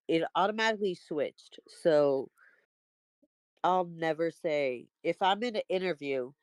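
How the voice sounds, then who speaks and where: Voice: mid-range voice, no room sound. A person from the United States chatting casually as a guest on a call, talking in long runs. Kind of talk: casual chat.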